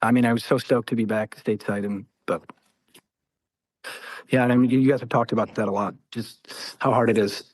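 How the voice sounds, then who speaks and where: A man in his forties, a former Marine guest, telling war stories in casual conversation, animated and laughing as he acts out quoted voices. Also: mid-range voice, a little fast. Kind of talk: conversational storytelling.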